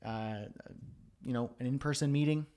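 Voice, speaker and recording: A man's voice: medium pitch, moderate pace, mellow. A man hosting a freelancing Q&A livestream from his home studio, talking casually with frequent fillers and self-deprecating asides.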